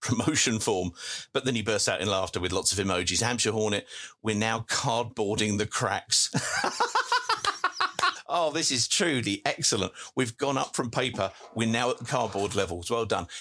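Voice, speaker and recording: A man's voice: lowish voice, sharp tone. A man hosting a live football chat, reading out listener messages with jokey asides. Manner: jokey, chatty, reads messages aloud with quick asides. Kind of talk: casual live audio chat. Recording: live audio stream.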